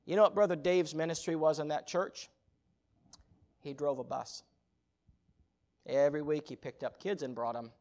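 A man's voice: on the high side, moderate pace, long pauses. Impassioned male missionary preacher. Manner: animated storytelling, rising to impassioned peaks. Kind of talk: sermon storytelling.

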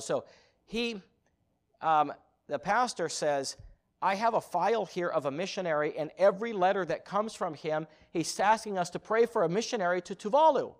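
Impassioned male missionary preacher. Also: high-pitched. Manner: animated storytelling, rising to impassioned peaks. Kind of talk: sermon storytelling.

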